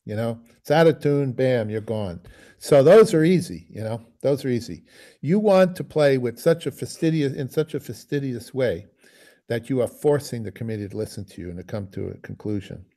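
A man's voice: mid-range voice, brisk. A man teaching a music masterclass, musing aloud and singing phrases to explain them. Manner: musing, sings phrases, trails off quietly. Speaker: bassoon teacher giving a masterclass.

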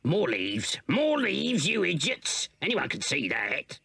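A man's voice: fairly low pitch, very animated, takes it slowly, bright, forceful tone, no echo, full character voice. A man voicing a scheming, bossy male weasel gang leader who snarls insults and orders at his gang in a storybook audio play. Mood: bossing. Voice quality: gravelly, snarling.

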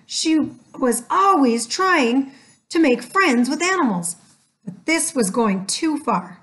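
A woman narrating a children's chapter book aloud, expressive and doing voices for the characters. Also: sits high, a little slow. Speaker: audiobook narrator.

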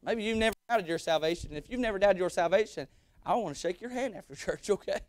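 A man's voice: high-pitched, animated, fast, dry recording. A young man preaching a sermon as a guest preacher, emphatic and repeating his lines. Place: church sanctuary.

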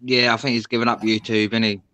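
Bright-voiced man in casual chat. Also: mid-range voice, level tone, fast, no room sound. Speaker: livestream guest.

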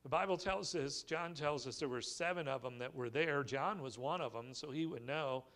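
Man, pastor, church sermon, conversational storytelling, light humor, medium pitch. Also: normal speed, fairly bright tone. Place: church sanctuary.

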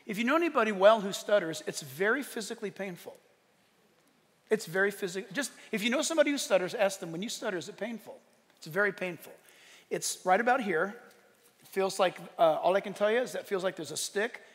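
Male pastor, high and gravelly, lively conversational sermon with sudden shouts; long church-hall reverb. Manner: animated, conversational storytelling with bursts of shouting. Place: church sanctuary.

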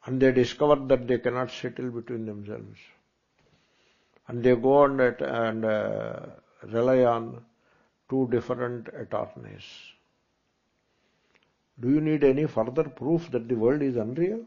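A man's voice: mid-range voice, steady tone, a little slow, gravelly, pauses often. A man with an Indian English accent, a spiritual teacher giving a conversational discourse that is full of rhetorical questions. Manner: conversational lecturing with rhetorical asks and Hindi asides. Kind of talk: Vedanta discourse. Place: lecture hall in front of students. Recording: dull lo-fi lecture recording.

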